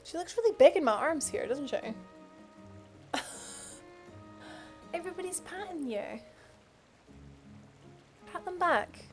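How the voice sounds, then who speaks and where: Sleepy lady streamer, high voice, playful baby talk between game bits. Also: expressive, moderate pace, long pauses, soft background music. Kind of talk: casual chat while gaming.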